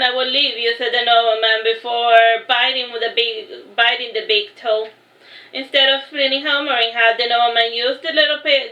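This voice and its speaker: Bright high-voiced woman reading a story. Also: dull audio. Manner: unpolished reading with restarts. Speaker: author reading her own novel. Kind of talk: audiobook narration. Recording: roomy echo.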